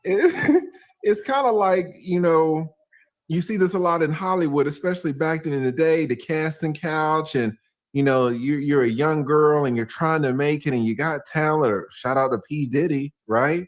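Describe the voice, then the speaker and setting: A man giving casual, animated reaction commentary with laughing, slangy asides. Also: on the high side, normal speed.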